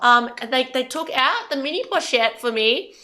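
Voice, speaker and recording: A young woman chats animatedly, her voice high and bright. She gets excited, stumbles and restarts her sentences often. It sounds like a relaxed, casual conversation. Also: normal speed. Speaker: host. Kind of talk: casual chat.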